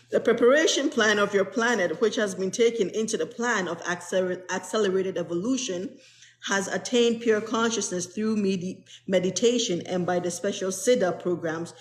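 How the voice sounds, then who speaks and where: The recording has a roomy echo, capturing a woman with a mid-range voice at a moderate pace. She is a spiritual teacher reading from a spiritual text to an online group, explaining every passage simply and earnestly.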